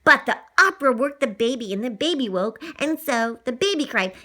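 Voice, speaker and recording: A woman reading a storybook aloud in an animated, breathless way, narrating in the first person as a dog. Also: a little high, moderate pace, heavy background noise.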